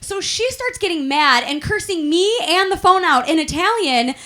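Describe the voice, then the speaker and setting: A woman's voice: very high voice, expressive, moderate pace, pushed and bright. A young woman from Chicago doing a chatty stand-up comedy set on stage, laughing at her own jokes. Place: stage at a variety show taping.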